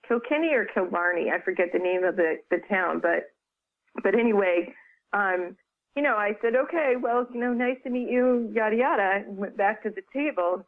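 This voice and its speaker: A woman, a book author and guest, telling a story in a chatty, casual way, full of "you know" and quick restarts, heard over a phone call. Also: mid-range voice. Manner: chatty, lively retelling with many "you know"s. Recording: tinny phone line.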